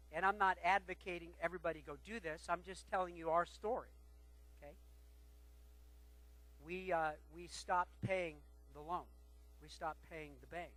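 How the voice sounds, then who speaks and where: A pastor preaching a sermon, swinging between loud calls and quiet asides. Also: male voice, high-pitched, poor audio.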